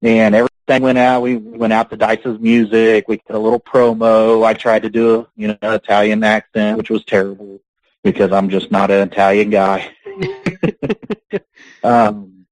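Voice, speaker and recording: This podcast guest, a pro wrestler, spins long, rambling stories in a relaxed interview, laughing between them. He talks a little slowly in a lowish, slightly mellow voice, on a dry, low-quality recording.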